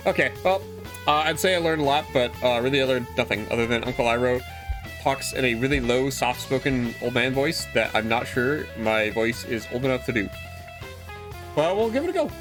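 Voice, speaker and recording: Lively chatty male streamer. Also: medium pitch, brisk, over music. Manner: chatty, swears casually, laughs at the story. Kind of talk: reading a visual novel aloud on stream.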